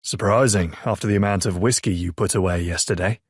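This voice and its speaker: A man's voice: deep voice, fairly quick, slightly rough, no echo. A man voicing a firm, protective brother who chides in a dry, matter-of-fact way, read for an audiobook. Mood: chiding. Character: stern, protective adult brother.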